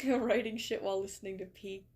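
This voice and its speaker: A woman's voice: mid-range voice, steady tone, fairly quick, darkish tone. A young woman from England chatting casually on a live stream, rambling, reading her chat aloud, and swearing and laughing easily.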